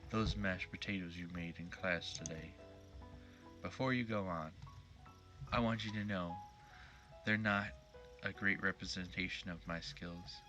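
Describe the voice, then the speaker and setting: A sentimental older chef from a video game, earnest and a little dreamy, as a man reads him aloud. The voice sits low and slow, with a bright, forward edge, and every line comes out solemn and heartfelt. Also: fairly even intonation, faint music behind. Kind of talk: reading game dialogue aloud.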